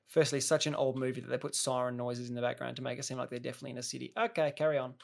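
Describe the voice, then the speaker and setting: A man hosts a casual reaction video, talking over a film clip in a loose, rambling way. He is enthusiastic and keeps circling back to restart his sentences. His pitch sits in an ordinary middle range. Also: level tone, rapid-fire, vocal fry, slight background noise. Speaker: video host.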